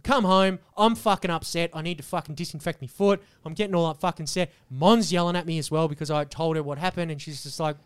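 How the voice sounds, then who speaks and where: High-voiced swearing podcast man. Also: fast, few pauses, smooth. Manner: profane, animated storytelling. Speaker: podcast co-host. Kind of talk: casual podcast banter.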